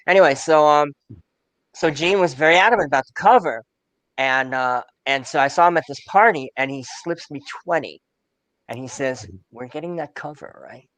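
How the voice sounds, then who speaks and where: A woman's voice: low-pitched, normal speed, slight background noise, rough recording. A woman on a podcast panel telling a chatty anecdote full of asides about her old magazine work. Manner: chatty, digressive explanations. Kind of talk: casual anecdote.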